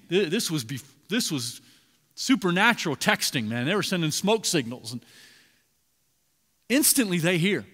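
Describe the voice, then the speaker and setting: A man preaching a sermon as pastor, animated, swinging between loud emphasis and hushed asides. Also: a little high. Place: church sanctuary. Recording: long reverb in a large hall.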